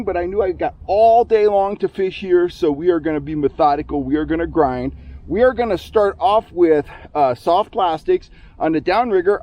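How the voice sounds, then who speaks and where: A middle-aged man hosting a fishing vlog from a boat on a lake, talking through his gear and getting loudly excited when fish bite. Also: on the high side, low-quality recording. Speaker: fishing channel host. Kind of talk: outdoor fishing vlog narration.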